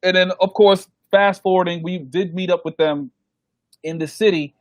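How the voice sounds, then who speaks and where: A man, a DJ guest telling stories in a casual interview, animated and acting out the voices of people he quotes. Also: high voice, moderate pace, no room sound, highs cut off. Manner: animated, acts out quoted voices, laughs often.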